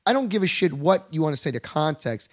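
A man's voice: on the high side, very animated, fast talker, no room sound, studio quality. Fired-up New man ranting. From Long Island, New York. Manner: heated, profane, rambling with restarts. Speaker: guest. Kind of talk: comedic podcast rant.

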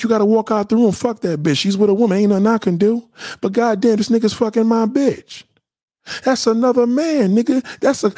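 Husky-voiced man ranting on a livestream. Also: high-pitched, darkish tone, no room sound, studio quality. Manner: heated, repetitive, profane, street slang. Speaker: livestream host answering chat. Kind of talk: casual livestream rant.

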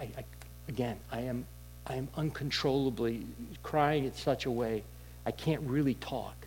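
A man preaching a sermon in a candid, conversational storytelling way, with halting restarts. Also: mid-range voice, darkish tone, slight background noise, rough recording. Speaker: pastor.

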